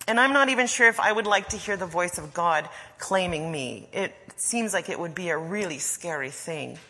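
Slow, husky woman preaching in a hall. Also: on the low side, bright, forceful tone. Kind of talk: sermon.

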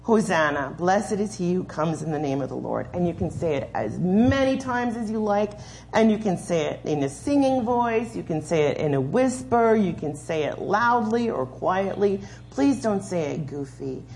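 A woman's voice: on the low side, animated, moderate pace, darkish tone. A woman leading a children's sermon in a church, patiently explaining and giving step-by-step instructions. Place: church sanctuary.

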